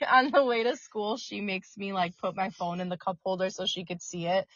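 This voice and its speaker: A woman's voice: medium pitch, steady tone, moderate pace, fairly bright tone, no echo. A woman co-hosting a podcast in casual chat, talking freely and leaning on "like" fillers. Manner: chatty, heavy on "like" fillers. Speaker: podcast co-host. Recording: dry muffled lo-fi recording.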